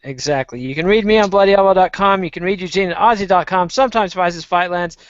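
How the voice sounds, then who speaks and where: A man's voice: high voice, fast talker, clean tone, no echo. A man hosting a casual chat who wraps up the show by reading out plugs. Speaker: podcast host. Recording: dry, dull lo-fi podcast audio.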